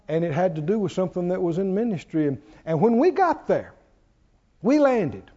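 Preacher, male, high lively voice, call-and-response style, dull lo-fi sound. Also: moderate pace. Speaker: pastor. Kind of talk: sermon.

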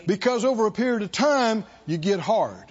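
A man's voice: high-pitched, sing-song, moderate pace, dull audio. A man preaching a sermon to a church congregation, leading call-and-response and stretching out repeated phrases for emphasis. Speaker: pastor.

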